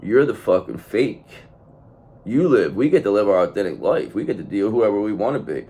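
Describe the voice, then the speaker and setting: A man's voice: on the low side, big pitch swings, fast, dark tone. A man giving a blunt, profane tarot reading to his viewers, hammering points home by repeating the same phrase. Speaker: tarot reader.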